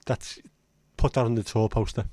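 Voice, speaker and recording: A man's voice: medium pitch, steady tone, normal speed, mellow, no room sound. A man hosting a livestream in casual, rambling chat, blunt and now and then swearing. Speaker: livestream host.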